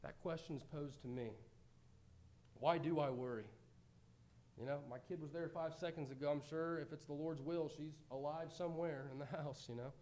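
American guy preaching a sermon, highish voice, earnest, goes soft then loud. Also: steady tone, normal speed. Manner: earnest, swings from loud pleading to quiet reflection.

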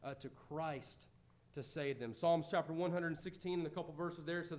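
High-voiced man preaching earnestly. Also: moderate pace. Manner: earnest, swings from loud pleading to quiet reflection. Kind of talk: sermon.

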